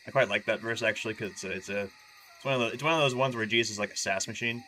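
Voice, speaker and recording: A man in a casual live stream, his voice sitting fairly low yet sounding crisp and forceful. He talks in a halting, self-correcting way and makes wry remarks. A faint hiss of background noise runs underneath. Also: poor audio. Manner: halting, stumbles and restarts often; chatty and wry when talking freely. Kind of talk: casual live-stream chat and reading aloud.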